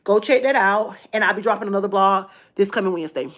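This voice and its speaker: A woman hosting her own livestream, telling a personal story in a lively, casual way, repeating phrases for emphasis. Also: medium pitch, fast. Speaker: livestream host.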